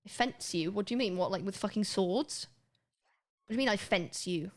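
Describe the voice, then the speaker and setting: A woman's voice: mid-range voice, normal speed. A young woman, chatting casually and swearing now and then while livestreaming a video game to her chat. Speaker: live streamer.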